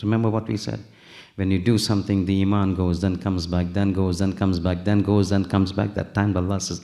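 A male preacher giving a sermon, telling a story and acting out its dialogue in an animated way, with Arabic and Urdu phrases mixed in. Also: low voice, moderate pace, gravelly. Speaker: Islamic preacher.

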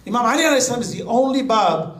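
A man's voice: very high-pitched, animated, racing, a bit bright. A man preaching a sermon, mixing Arabic quotations into his English. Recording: echoey hall.

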